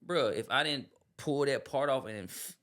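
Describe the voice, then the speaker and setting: A man co-hosting a podcast who tells a personal story in an animated way, dropping quiet and then rising loud. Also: mid-range voice, moderate pace. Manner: animated, swings from hushed to loud. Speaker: podcast co-host. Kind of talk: casual storytelling.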